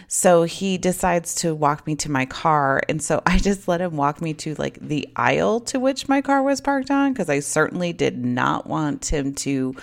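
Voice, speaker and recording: A woman's voice: sits low, gravelly. A young adult woman telling a personal story in casual chat, acting out quoted dialogue and saying "like" often. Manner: chatty, acts out quoted dialogue with lots of "like".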